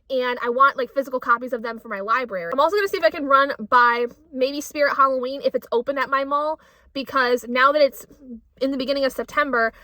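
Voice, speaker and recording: Woman vlogger, high bright voice, heated and sweary, on the go, dry close sound. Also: no echo. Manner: heated ranting, swears often. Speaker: book vlogger. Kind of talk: casual vlog chat. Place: out running errands, on the go.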